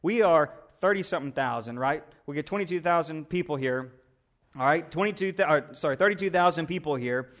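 A man putting on a brash male soldier-leader who talks in a casual, slangy way, full of disbelief. The voice drops lower than the preacher's usual one and stays fairly high for a man. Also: brisk, a bit bright, natural voice. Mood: incredulous.

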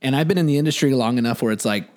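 A man's voice: medium pitch, very fast, darkish tone. A young man in casual chat, telling a rambling, slangy story with laughs.

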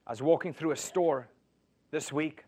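High-voiced preacher swinging loud to hushed. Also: male voice, moderate pace, breathy edge. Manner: asks the audience rhetorical questions. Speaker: pastor. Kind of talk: sermon.

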